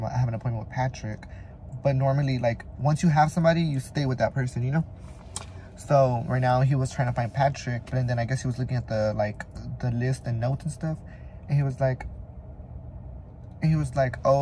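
A man's voice: medium pitch, dark tone, slight background noise. A young man vlogging, chatting to the camera in a sassy, swear-filled way, first at home, then in his car and at a dealership. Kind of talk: casual chat to camera.

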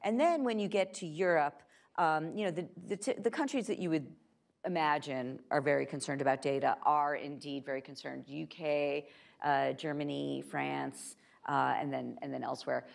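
A woman speaking as a guest onstage at a conference, lively and laughing, acting out quoted voices between frequent fillers. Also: low voice, moderate pace, vocal fry. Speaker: guest speaker, tech company privacy chief. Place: stage at a tech conference.

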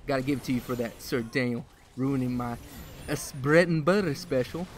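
A man hosting a gaming video, giving casual, excitable commentary while he plays, a little out of breath, with sudden loud outbursts. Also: medium pitch, fairly quick, a little hiss or hum.

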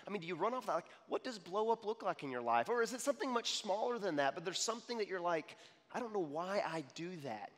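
Animated male preacher in a reverberant hall. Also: high-pitched, fast, few pauses. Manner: animated, repeats "okay?" to the crowd. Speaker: young adults pastor. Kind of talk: conversational sermon.

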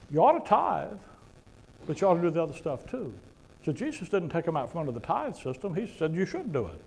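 A man preaching a sermon to a congregation, conversational and emphatic, with sudden loud punches. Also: sits high, lively intonation, a little fast, low-quality recording. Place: church before a congregation.

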